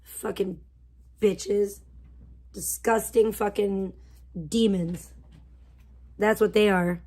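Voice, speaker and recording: A woman's voice: mid-range voice, steady tone, extremely slow, mellow. A woman hosting a livestream, ranting heatedly with constant swearing and insults. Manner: profane, heated, venting. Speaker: livestream host. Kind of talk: angry livestream rant.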